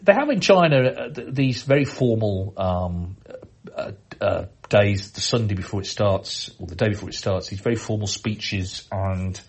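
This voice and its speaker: A middle-aged man hosting a podcast, reading out listener emails in a relaxed, chatty way with frequent hesitations. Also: lowish voice, normal speed, slightly rough. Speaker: podcast host.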